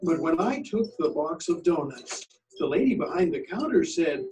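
Male teacher reading aloud, high lively sing-song voice, distant mic, faint music behind. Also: moderate pace. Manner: expressive, sing-song storytelling. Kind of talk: picture-book read-aloud.

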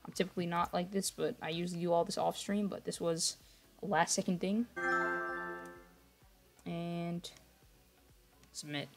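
His voice sits high and steady, gravelly, at a normal speed, with long pauses and background music. A young man on a gaming livestream, he drifts distractedly through viewer chat, frequently apologizes and occasionally keeps his voice down to limit noise.

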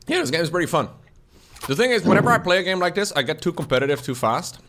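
A man's voice: on the high side, sing-song, fast talker, a bit bright. A man streaming a multiplayer shooter, chatting casually with friends and swearing now and then. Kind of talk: casual gaming chat.

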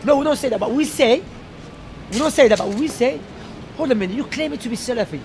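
A man's voice: very high voice, lively intonation, fast talker, a little mellow. A man arguing insistently in a heated street debate, repeating his points as he presses them. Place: outdoors with a crowd. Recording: outdoor clip with crowd and street noise.

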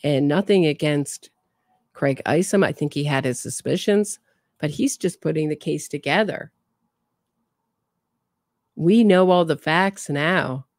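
A woman's voice: sits low, a little slow, pauses often, a little mellow, no room sound. Dry, sarcastic woman commentator. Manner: sarcastic, opinionated. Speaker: true crime commentator. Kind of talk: casual commentary.

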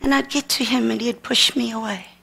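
Middle-aged woman, high gravelly voice, earnest halting testimony at a seminar. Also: fairly even intonation, sharp tone. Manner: earnest, halting, repeats words. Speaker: seminar teacher sharing testimony. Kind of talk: personal testimony teaching. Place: ministry seminar session.

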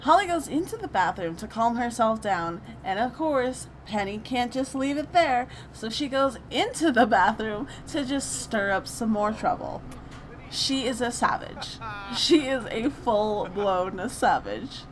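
Lively young woman gushing over a game. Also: fairly high pitch, a little slow, a little hiss or hum. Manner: animated, gushing, chatty with laughter. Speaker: gaming channel host. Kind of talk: let's play commentary.

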